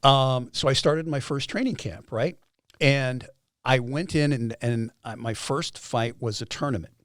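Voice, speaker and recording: A man's voice: mid-range voice, a little slow, no echo, studio quality. A man in his fifties telling his story as a podcast guest, acting out quoted voices and swearing freely. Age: 50s. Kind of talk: animated storytelling.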